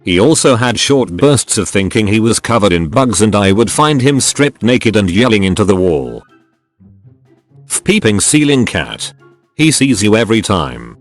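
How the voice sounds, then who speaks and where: A man reading online stories aloud in an animated storytelling delivery. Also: fairly low pitch, moderate pace, soft background music. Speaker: narrator reading forum stories.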